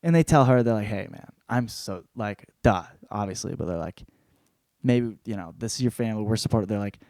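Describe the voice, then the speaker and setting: A young man hosting a podcast, recapping a novel in a casual, heavily profane way, jumping into quick character voices. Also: on the low side, no room sound, clean studio sound. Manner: swears constantly, animated retelling with quick voice switches. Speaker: podcast host reviewing a book.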